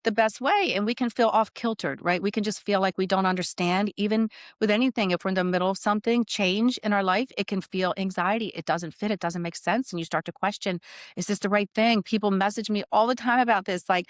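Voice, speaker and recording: A woman's voice: mid-range voice, fairly even intonation, fairly quick, dry recording, studio quality. A woman co-hosting a spiritual podcast, telling a personal story in earnest, casual chat and often checking in with "right?". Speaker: podcast co-host and spiritual medium.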